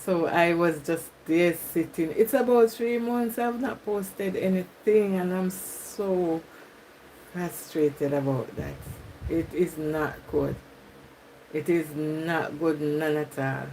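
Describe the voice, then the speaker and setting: Jamaican woman chatting slowly on a live stream. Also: sits low, darkish tone, slight background noise, rough recording. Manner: chatty, reads comments aloud, laughs often. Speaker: YouTuber. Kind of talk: live stream chat with viewers.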